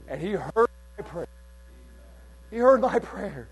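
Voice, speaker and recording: A man with a high voice preaches a fervent sermon, dropping to a near hush and then surging loud again. He reads scripture aloud in old-fashioned wording. A mains hum sits under the recording. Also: animated, normal speed, long pauses, husky.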